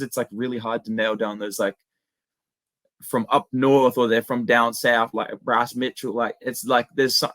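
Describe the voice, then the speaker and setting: A young Australian man chatting casually as an interview guest, slangy and relaxed, full of "dude" and "man". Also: medium pitch, no room sound. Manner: laid-back, slangy, lots of "dude" and "man". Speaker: guest, MMA impressionist.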